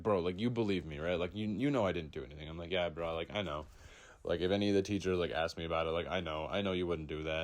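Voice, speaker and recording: Young male storyteller with a low voice, relaxed and chatty, lots of fillers. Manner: laid-back, filler-heavy with frequent likes. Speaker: storytime narrator. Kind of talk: casual storytelling.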